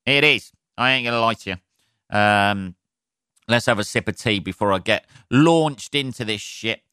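A man's voice: fairly low pitch, a little slow, pushed and bright, clean tone, dry recording, studio quality. A man with a Southern English accent hosting his own podcast, ranting to listeners with plenty of swearing and jokey asides. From southern England. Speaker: podcast host, stand-up comedian.

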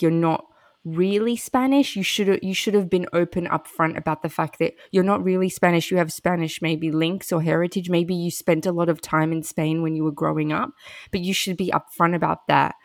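Woman gossiping in a casual chat, lowish gravelly voice, says like a lot, dry close sound. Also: no echo. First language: Russian. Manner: chatty gossiping, frequent "like" fillers.

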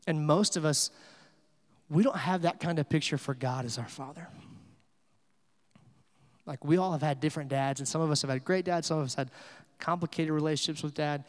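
A man preaching a sermon, with rises from quiet to loud and emphatic. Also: fairly high pitch, brisk, big-room sound. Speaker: pastor.

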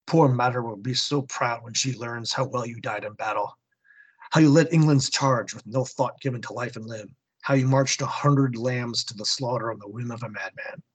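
On a rough recording, a male podcast host narrates a war comic theatrically in second person and then turns to a history segment. His voice is medium-pitched and slightly rough, at a moderate pace.

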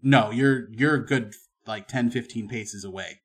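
A man running a tabletop western role-playing game as game master. He narrates and calls for rolls in a relaxed, unhurried way, often pausing with fillers. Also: medium pitch, husky.

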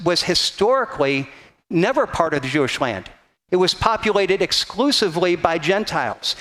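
Male pastor, higher voice, casual teaching sermon with many restarts. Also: a bit bright. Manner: conversational teaching, frequent restarts, quoting scripture.

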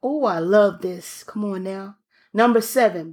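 A woman's voice: medium pitch, a little slow, a little mellow, slightly rough. A woman preacher delivering a fervent sermon, reading scripture aloud and breaking in with exclamations.

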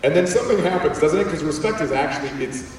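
Guy telling a story to a room of kids, slightly high voice, big echoey hall, mic far off. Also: fast, slight background noise. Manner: animated, acts out voices, repeats words. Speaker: speaker addressing students. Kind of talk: storytelling talk to an audience.

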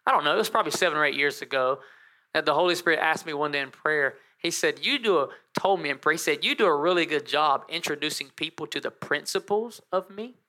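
A male pastor preaching a sermon, telling a story with animated joking asides to his congregation. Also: on the high side, fast.

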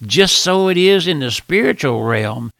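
Gravelly, bright-voiced fervent preacher man. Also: a little high, lively intonation, unhurried, dry recording. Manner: fervent preaching, swings from pleading hush to shouting. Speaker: pastor. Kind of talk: radio sermon.

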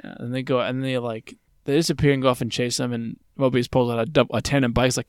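Male podcast co-host, mid-pitched, casual and wry, dry close sound. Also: fairly even intonation, fast, few pauses, clear, resonant tone, no echo. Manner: wry, jokey interjections, retells scenes with quoted voices. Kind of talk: casual chat recapping a TV episode.

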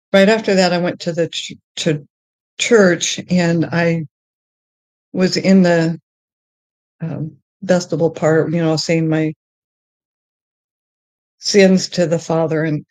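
Middle-aged woman, lowish voice, halting testimony with restarts, rising high and excited at the joyful parts. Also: dry recording. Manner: halting, with many restarts and fillers; grows high and excited when telling of joy. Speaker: guest sharing her testimony. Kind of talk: personal testimony in conversation.

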